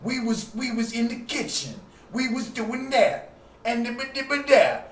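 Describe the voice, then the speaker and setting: A man putting on a loud, blustering male Texan pundit who tells folksy stories in a raised, shouting voice. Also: extremely high pitch, animated, measured pace, roomy sound, distant mic, slight background noise, voice pushed up, exaggerated voice.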